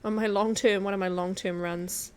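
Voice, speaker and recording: A woman's voice: medium pitch, fairly even intonation, moderate pace, smooth. Chatty woman streaming a survival game. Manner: chatty and laughing often. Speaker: guest streamer. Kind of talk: casual gameplay commentary.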